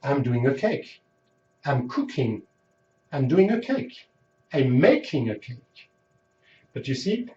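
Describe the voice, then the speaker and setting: A man teaching a lesson in a slow, unhurried way, his pitch rising and falling a lot as he repeats example phrases. His voice is mellow and somewhat dark. The recording is dull and roomy, as if the mic sat a little away from him. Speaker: language teacher. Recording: echoey room, dull sound, mic at a distance.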